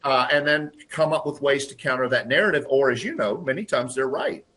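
A man in a conversational interview, telling workplace stories and acting out quotes in lively voices. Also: mid-range voice, brisk. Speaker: guest, lean process consultant and trainer.

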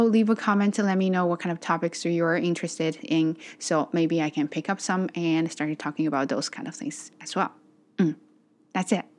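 A woman talks casually to her channel in a slightly low voice. She hesitates often and fills the gaps with ums and uhs as she goes. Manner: hesitant, many fillers. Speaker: vlogger and English teacher. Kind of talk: casual vlog chat.

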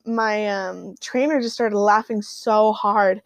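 A young woman from the United States, a returned missionary, tells a personal story in a halting way, with frequent fillers and restarts. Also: medium pitch, steady tone, no room sound. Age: young adult.

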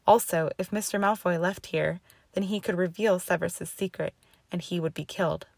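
A woman reading the lines of an older headmistress witch, calm, measured and sympathetic, in a storybook reading. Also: fairly low pitch, creaky, no echo. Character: stern, steady older female headmistress witch.

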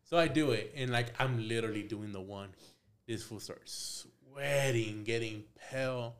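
A young man spinning a story on a podcast, lively and loose. He acts out every part of the dialogue himself, swears often, and slips into bits of Spanish along the way. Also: mid-range voice, moderate pace. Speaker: podcast guest, tattoo artist. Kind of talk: casual storytelling.

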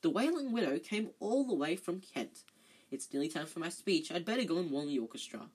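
A reader voicing a proud, touchy gentleman ghost in a near-everyday voice. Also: medium pitch, very animated, brisk, husky, poor audio. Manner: proud, then bitter.

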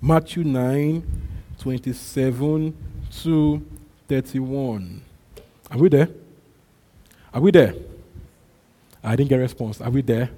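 A man's voice: mid-range voice, takes it slowly, long pauses, warm tone. A male pastor preaching a sermon, emphatic and repetitive, calling out to his congregation. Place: church. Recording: long hall reverb.

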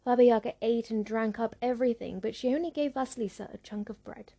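A woman narrating a folktale in a measured, rhythmic storybook reading. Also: a little high, fairly even intonation, creaky, warm tone.

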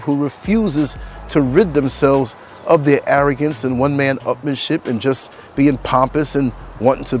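A man's voice: medium pitch, a little mellow. A man hosting his podcast outdoors on a street, talking in an earnest, emphatic way and repeating phrases for stress. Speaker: podcast host. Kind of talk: reflective monologue to camera. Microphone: clip-on mics.

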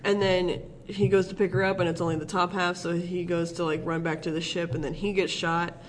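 A man's voice: sits high, little pitch movement, brisk, a little hiss or hum, low-quality recording. A man co-hosting a podcast, rambling through a film recap in casual chat and laughing often. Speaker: podcast co-host.

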